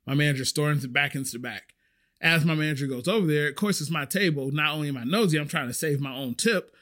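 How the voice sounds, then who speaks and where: A man with a slightly higher voice tells a story about his job as a restaurant server. He talks casually and with lots of animation, filling his sentences with "like" as he goes. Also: fast talker. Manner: animated, chatty, frequent "like".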